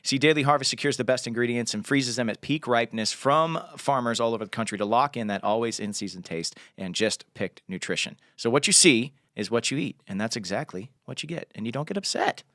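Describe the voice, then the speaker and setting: A man's voice: mid-range voice, lively intonation, brisk, hardly any pauses, fairly bright tone, no echo, clean studio sound. A man co-hosting a podcast, upbeat and playful, reading an ad in a chatty way. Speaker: podcast co-host. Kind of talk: casual chat and host-read ad.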